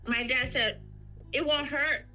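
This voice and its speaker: Slow-talking bright-voiced woman telling a story. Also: high voice, faint music behind, poor audio. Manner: animated storytelling, acting out quoted voices. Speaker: guest.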